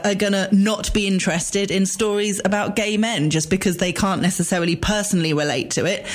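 A woman interviewer chatting with a guest, thinking aloud as she speaks. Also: medium pitch. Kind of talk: interview conversation.

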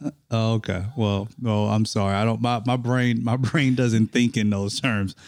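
A man's voice: fairly low pitch, steady tone, moderate pace, darkish tone, no room sound, clean studio sound. A man co-hosting a podcast in casual chat, emphatic, laughing often and repeating himself as he makes a point. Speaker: podcast co-host.

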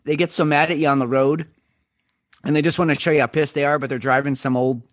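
A man hosting a podcast in a casual, rambling way, often stopping to restart a sentence and slipping in wry asides. His voice sits a bit high for a man. The sound is dry and close, with no room echo. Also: fairly even intonation, quick pace. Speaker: podcast host.

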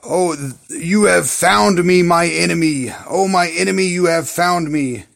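A man's voice: high voice, a little slow, creaky, fairly bright tone, exaggerated voice. A man voicing King Ahab in a retold Bible story, whiny and dramatic.

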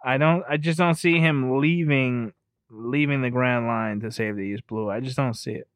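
A man's voice: medium pitch, normal speed, a bit bright, clean tone, no room sound, studio quality. A man chatting casually and recapping an anime film, rambling and swearing, with frequent restarts. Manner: rambling, profane, with many restarts.

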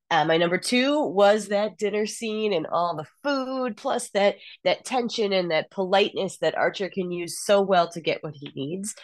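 A woman co-hosting a podcast, giving frank, animated opinions in casual chat. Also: lowish voice, dry recording, studio quality. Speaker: podcast co-host.

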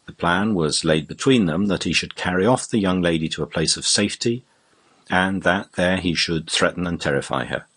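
A sly, needling male rogue with a brash tongue, as a man performs him. The voice is very low and husky, and the delivery is pointed and taunting. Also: moderate pace, a bit bright. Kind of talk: audiobook reading.

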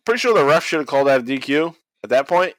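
A man's voice: on the high side, animated, very fast, fairly bright tone, dry recording, poor audio. A man co-hosting a casual podcast, recapping a match play by play with profanity, frequent laughs and goofy impressions. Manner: profane, laughs often, does silly voices. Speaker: podcast co-host recapping wrestling.

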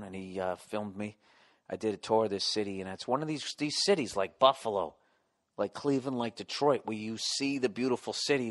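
A middle-aged man with a Boston accent hosting his own podcast. He rants in a profane, comic style and yells at times. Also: on the low side. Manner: profane, ranting, yelling at times. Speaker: podcast host. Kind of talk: solo comedic podcast rant.

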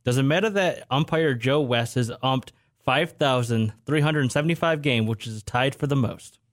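Male sports co-host, mid-pitched, dry and matter-of-fact. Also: moderate pace, dry recording. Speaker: co-host asking questions. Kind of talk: casual sports chat.

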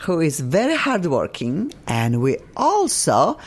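An excitable woman hosts a radio talk show from a studio mic, her pitch leaping up and down as she talks. Her is slightly broken and her manner effusive, full of cheers and bursts of enthusiasm. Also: a little slow. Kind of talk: casual radio chat. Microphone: studio microphone.

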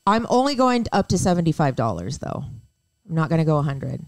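Excitable middle-aged woman co-host. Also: low voice, brisk, no echo. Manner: excitable, laughs often. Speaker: podcast co-host. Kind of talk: casual chat.

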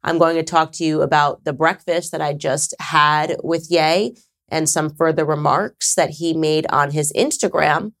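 A woman with a fairly low voice hosts her own show and talks directly to her audience. Her delivery is conversational but emphatic, and she drops in sarcastic asides. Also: fairly even intonation, unhurried. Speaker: podcast host. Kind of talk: casual monologue to camera.

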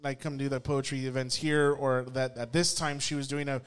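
A young man telling a story casually, animated and swearing, laughing often and restarting his sentences. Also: medium pitch, brisk, clear, resonant tone.

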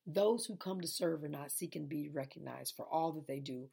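Woman, lay preacher, sleepy and worn, gravelly husky low voice, loose repetitive delivery. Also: a little fast, dark tone. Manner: repetitive, conversational preaching with restarts. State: tired and sleepy. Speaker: preacher hosting an online Bible lesson. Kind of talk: informal sermon.

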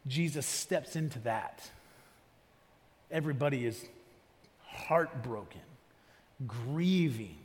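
A man's voice: medium pitch, expressive, slow, pauses often, a little mellow, in a large hall. A male pastor preaching a sermon in a conversational way, often asking the congregation questions. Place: church auditorium.

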